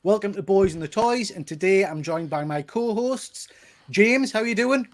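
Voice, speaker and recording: A man's voice: high-pitched, lively intonation, moderate pace. A man with a Geordie accent from North East England, hosting a casual live-streamed chat about toys in a jokey, self-deprecating way. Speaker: host.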